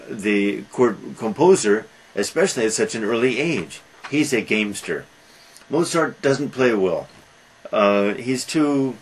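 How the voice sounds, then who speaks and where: Man, film lecture, low husky voice, halting, many restarts. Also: low-quality recording. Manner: halting, with frequent restarts and fillers.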